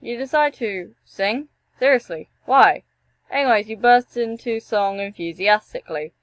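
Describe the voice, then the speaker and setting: A young woman reading a text adventure game aloud and breaking off for joking, animated asides and the odd swear. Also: a little high, normal speed, no room sound, low-quality recording. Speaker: gameplay streamer.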